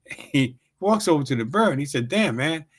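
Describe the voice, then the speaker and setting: A middle-aged comedian and show host tells a joke and a backstage story in casual, animated talk, at medium pitch and moderate pace.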